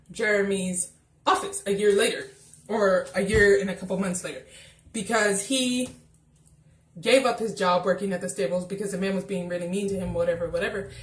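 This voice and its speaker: A woman's voice: mid-range voice, steady tone, moderate pace. Woman, casual TV review vlog, chatty, exasperated, acts out dialogue, echoey room.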